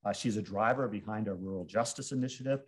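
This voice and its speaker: Host for a ceremony: a man giving a formal introduction with a slightly husky voice. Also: fairly low pitch, fast. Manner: formal, reads credentials, occasional fillers.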